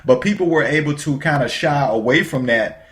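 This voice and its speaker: A man hosting a casual interview, chatty and quick to laugh. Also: a little high, lively intonation. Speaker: host.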